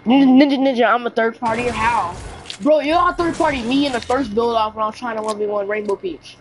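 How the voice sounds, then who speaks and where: A fairly high-voiced woman chatting live to her viewers while playing. She talks in loose, slangy bursts and gets excitable when the action picks up. A faint hum of noise sits under her voice. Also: fast. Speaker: game streamer. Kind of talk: casual livestream chat while gaming.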